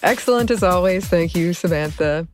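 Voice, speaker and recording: A woman's voice: lowish voice, moderate pace, faint music behind. A woman hosting a podcast, chatting casually and upbeat with her co-host.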